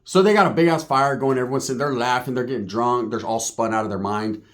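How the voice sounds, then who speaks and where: A man's voice: mid-range voice, fast talker. A man telling a comic story in a casual, profane way, acting out what people said. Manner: profane, animated, acts out quotes.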